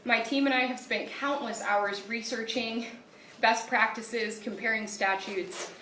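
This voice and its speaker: A woman giving prepared testimony as an advocate at a hearing, firm and urgent with measured emphasis. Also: on the high side, steady tone, sharp tone, slight background noise. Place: large legislative hearing room. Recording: echoey room, far from the mic.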